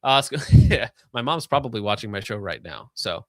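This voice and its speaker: A man hosting a casual livestream, reading donations with sarcastic jokes and quick asides. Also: on the low side, expressive, no room sound, studio quality.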